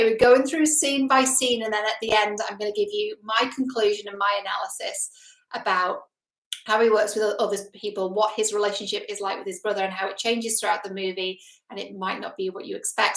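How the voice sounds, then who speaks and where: A woman's voice: mid-range voice, fairly bright tone. Chatty woman host in an echoey room. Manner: chatty and emphatic, often asking the listener questions. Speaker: relationship coach and show host. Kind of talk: casual film analysis commentary. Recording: roomy echo.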